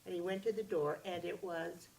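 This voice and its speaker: Woman storyteller, gravelly voice, expressive, distant mic with faint noise. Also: lowish voice, normal speed, a crowd in the background. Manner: expressive, with sound effects and acted voices. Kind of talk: animated oral storytelling to a child.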